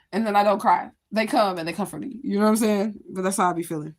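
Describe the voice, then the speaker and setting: A woman's voice: mid-range voice, steady tone, fast talker, hardly any pauses. A woman chatting casually on a livestream, talking to her viewers in a candid, rambling way and swearing freely. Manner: addresses viewers directly. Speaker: livestream host.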